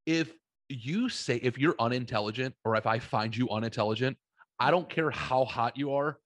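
A man co-hosting a podcast speaks bluntly and with emphasis, often circling back and restarting his sentences. His pitch is average for a man. The recording is dry, with no room echo. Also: normal speed, fairly bright tone. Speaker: podcast co-host. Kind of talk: casual chat.

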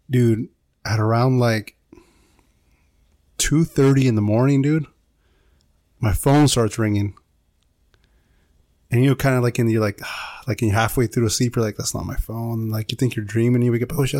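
A man's voice: mid-range voice, a little mellow, no room sound. Rambling casual man telling a story, dry sound. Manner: rambling, says "dude" a lot. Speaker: podcast co-host telling a story.

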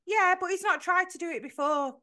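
A woman's voice: extremely high pitch, brisk, sharp tone. A woman co-hosting a podcast, chatting casually and giving firm opinions. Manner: opinionated, emphatic. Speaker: podcast co-host. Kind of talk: casual chat.

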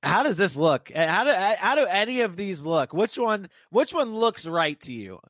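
A man hosting a casual sports podcast, animated and joking as he leads the talk. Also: sits high, moderate pace, no echo. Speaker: podcast host.

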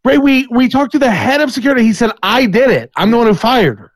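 A man with a notably high voice tells rambling gossip stories on a casual live stream. He keeps mimicking the people he talks about. The sound is close and dry, with no room around it. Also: animated, fast talker, no echo. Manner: rambling storyteller, quotes people in mock voices. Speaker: podcast co-host.

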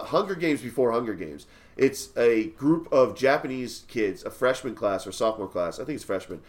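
A man on a casual movie podcast, rambling and swearing as he recounts a film. He stops and restarts often, then bursts into excited praise. His voice sits at a middling pitch for a man. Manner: rambling, swearing, stop-start enthusiasm. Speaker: podcast co-host.

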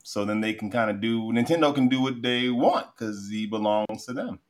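Lively-voiced man in casual banter. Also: medium pitch, normal speed. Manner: questioning, laughs often. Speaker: podcast co-host. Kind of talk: casual chat.

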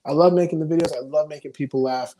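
A man's voice: fairly high pitch, fast, crowd noise. Frantic, swearing young man on a call. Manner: frantic, swearing, animated storytelling. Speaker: guest, video creator. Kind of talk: casual interview chat. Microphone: video call.

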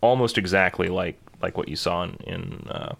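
A man's voice: sits low, moderate pace, gravelly, fairly bright tone. A man in casual chat, telling a travel story with lots of fillers and restarts.

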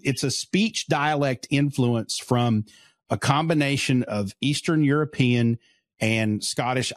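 A man's voice: mid-range voice, no echo, clean studio sound. A man from Eastern Kentucky with an Eastern Kentucky accent, co-hosting a podcast and explaining things in a friendly, chatty way. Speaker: podcast co-host. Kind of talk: casual interview chat.

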